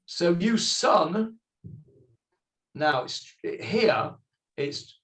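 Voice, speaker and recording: A man teaching a Bible study class, explaining slowly, quoting the figures in character and asking his students questions. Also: fairly high pitch, lively intonation.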